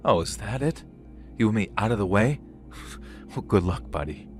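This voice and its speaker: Man doing a hostile, mocking tall man in a horror storybook reading, quiet and scornful, low voice. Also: expressive, moderate pace, faint music behind, close to an everyday voice.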